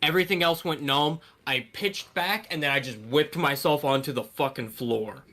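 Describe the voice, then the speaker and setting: A young man co-hosting a podcast, telling stories in a lively, casual way. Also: a little high, normal speed. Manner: animated storytelling, acts out quoted voices. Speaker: podcast co-host. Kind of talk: casual chat.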